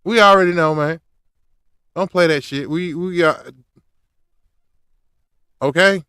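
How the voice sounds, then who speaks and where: A man's voice: fairly high pitch, takes it slowly, pauses often, bright, forceful tone, clear, resonant tone, no echo, clean studio sound. A man hosting his own podcast, ranting in a loose, slangy way straight at his listeners. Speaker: podcast host. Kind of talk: casual rant to camera.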